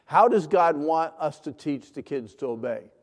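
A middle-aged man preaching a sermon, leading call-and-response and swinging between hushed and loud lines. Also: fairly high pitch, lively intonation, moderate pace. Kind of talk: sermon to a congregation. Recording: long hall reverb.

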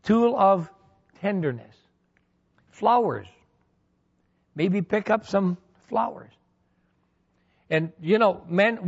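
A man's voice: high voice, lo-fi sound. A pastor preaching a sermon, telling homely stories with humor to make his points. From Michigan. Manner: folksy storytelling with humor.

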